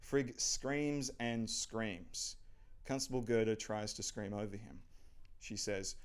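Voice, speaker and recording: A man's voice: on the low side, slow pace, smooth. A man reading his own screenplay aloud, narrating the action dramatically. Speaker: channel host reading his script.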